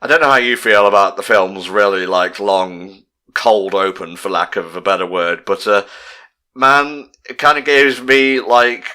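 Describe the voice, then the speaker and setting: A young man co-hosts a relaxed movie commentary. His voice sits slightly low but sounds bright and forward. He rambles, leans on fillers and wanders off into lists. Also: a little slow. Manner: rambling, lots of fillers, reads out a list. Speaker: commentary co-host. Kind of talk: casual movie commentary chat.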